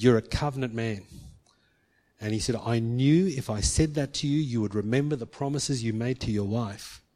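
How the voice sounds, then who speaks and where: Earnest man preaching. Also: a little high. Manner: earnest preacher, voices quoted speech, rises to emphatic peaks. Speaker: pastor. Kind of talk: sermon.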